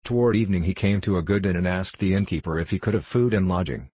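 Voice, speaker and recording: A man narrating a storybook aloud in a steady, measured reading. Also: low-pitched, slightly rough, no room sound.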